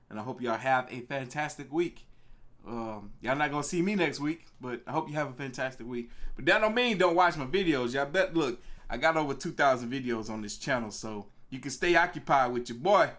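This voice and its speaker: A young man hosts a casual live stream. His voice sits in the middle of the male range. He talks in an animated way and calls out viewers one after another. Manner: animated, greets viewers by name, pitch jumps on excited words. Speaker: live-stream reaction host.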